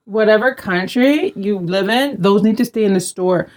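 A woman's voice: medium pitch, normal speed, darkish tone. A woman hosting a podcast, chatting and teasing her husband, often laughing. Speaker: podcast host. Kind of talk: casual podcast chat.

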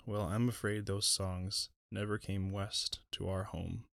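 A man's voice: sits low, flat delivery, a little slow, vocal fry, fairly bright tone, no echo, clean studio sound, heavily acted. A man voicing a polite, eager young male hobbit in an audiobook.

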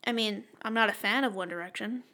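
A woman's voice: medium pitch, fast, sharp tone. A woman co-hosting a podcast in casual comedic chat, self-deprecating and laughing often, close to the microphone. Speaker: podcast co-host.

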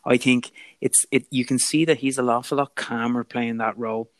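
A man's voice: medium pitch, moderate pace, no echo. A man, chatting animatedly about films as a podcast co-host. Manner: animated, chatty, Irish turns of phrase. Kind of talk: casual film chat. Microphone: remote call mic.

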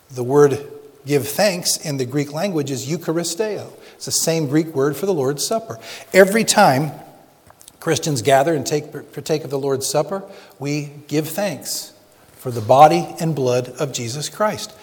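Preaching man with a higher voice. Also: long reverb tail. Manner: earnest preaching, slows down to stress scripture. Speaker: pastor. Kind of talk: sermon.

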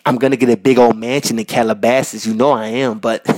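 A man from Minnesota hosting a podcast, talking casually and giving loud, repetitive shout-outs full of slang. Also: mid-range voice, steady tone, fairly quick. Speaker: podcast host. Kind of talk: casual solo podcast monologue. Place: North Minneapolis.

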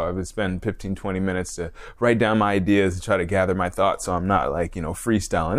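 A man hosting a casual solo fitness podcast, a personal trainer who rambles, corrects himself and laughs often. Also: sits low. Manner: rambling, self-correcting, frequent laughs and fillers.

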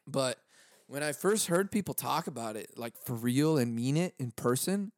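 A young Southern California man with a medium-pitched, animated voice hosts a podcast, delivering a solo comedic rant at normal speed. He swears freely, laughs often, and acts out quoted voices. The recording is clean studio sound with no room noise.

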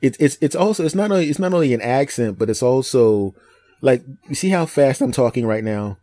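A middle-aged man from Philadelphia chats casually as host, with no regional accent to his voice. He tells stories with animated energy, slipping into voices and laughing often. His pitch sits in the middle range. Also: fairly quick. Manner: animated storyteller, slips into funny voices, laughs a lot. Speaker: podcast host and comedian. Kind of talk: casual chat.

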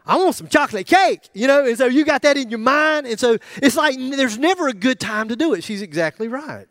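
A man's voice: extremely high pitch, expressive, a little fast, fairly bright tone, no echo, clean studio sound. A middle-aged man preaching a sermon in a joking, conversational way, with asides to the congregation. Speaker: pastor.

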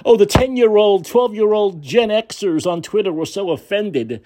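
A man's voice: high-pitched, lively intonation, unhurried, few pauses, mellow. A man hosting a podcast, giving an angry, sarcastic and profane political rant. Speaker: podcast host.

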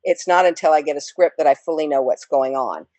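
A woman's voice: low-pitched, brisk, a little mellow, no room sound. Chatty woman guest, dry sound. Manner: rambling, chatty with frequent fillers and laughs. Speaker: guest actress. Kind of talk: casual interview chat.

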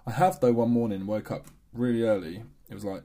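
A man's voice: lowish voice, steady tone, fairly quick, mellow. A man from England, a podcast co-host, telling stories in casual chat, swearing and laughing often.

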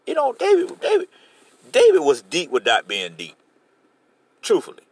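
Animated high-voiced man preaching. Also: normal speed, slightly rough, no room sound. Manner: animated preaching, paraphrasing scripture in casual street talk. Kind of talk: sermon.

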